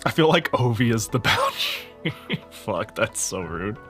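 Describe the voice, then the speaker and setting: A man's voice: mid-range voice, sing-song, unhurried, fairly bright tone, faint music behind. A man streaming a game, chatting casually, joking, swearing often and correcting himself mid-sentence.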